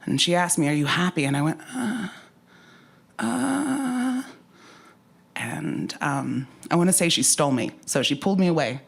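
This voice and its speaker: Low-voiced woman telling a personal story. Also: fast, hardly any pauses. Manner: candid and conversational, with frank asides. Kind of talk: personal storytelling to a live audience. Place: live story slam event.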